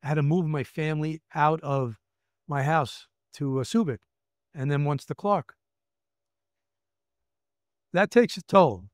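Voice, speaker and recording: An older man in his seventies with a New York accent, speaking with emphatic, halting candor and often repeating himself. His voice sits a little high for a man and comes across smooth and clear, recorded close and dry. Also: no echo. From Brooklyn, New York. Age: 70s. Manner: emphatic, acts out quoted voices, repeats words. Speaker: retired federal agent, guest. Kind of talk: candid interview storytelling.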